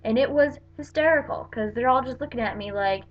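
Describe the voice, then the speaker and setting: A woman's voice: fairly high pitch, brisk, hardly any pauses. A young woman from the northeastern United States telling a chatty vlog story, acting out the people she quotes. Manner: chatty, animated quoting of people. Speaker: vlogger. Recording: dull lo-fi webcam audio.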